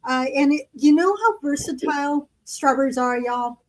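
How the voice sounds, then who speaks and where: High-voiced chatty woman. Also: normal speed, poor audio. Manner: chatty storyteller, lots of fillers. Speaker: podcast co-host. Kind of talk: casual chat.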